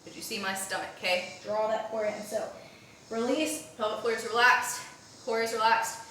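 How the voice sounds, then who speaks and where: Coaching a live postpartum workout, a young female instructor counts reps, cues each breath, and keeps asking "okay?", sounding slightly breathless. She speaks at a normal pace in a fairly high, pushed, bright voice. Picked up from a distance in a very echoey space, the audio carries slight background noise.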